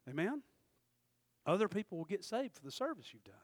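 A man preaching a sermon as pastor, swinging from quiet storytelling to fervent shouting. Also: sits high, very animated, brisk, dry recording.

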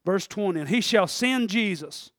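Preacher guy, real high voice, folksy, goes quiet then shouts, dry sound. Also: lively intonation, moderate pace, dry recording. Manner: folksy, swings from hushed asides to shouting. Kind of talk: sermon.

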